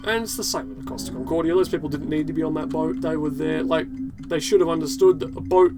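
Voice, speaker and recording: A man's voice: fairly high pitch, fairly even intonation, fast talker, rough recording. A young man rambling and swearing in sardonic commentary while he plays a video game in a hot room. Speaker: gaming YouTuber. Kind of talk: rambling commentary over gameplay. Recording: game music clearly audible behind.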